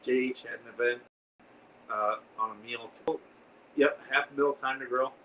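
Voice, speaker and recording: A man talks loosely on his livestream, wandering from point to point and stopping to answer what viewers write. His voice sits at an everyday middle pitch. He is heard from a little way off the mic, with a faint hiss of background noise. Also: fairly even intonation, normal speed, fairly bright tone, distant mic, low-quality recording. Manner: rambling, reads and answers viewer comments. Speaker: livestream host. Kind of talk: casual livestream chat.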